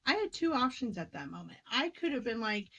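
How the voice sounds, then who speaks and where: A woman's voice: on the high side, big pitch swings, a little fast, a bit bright, husky, highs cut off. Emphatic woman teaching in casual talk. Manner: emphatic, acts out quoted voices. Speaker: spiritual teacher.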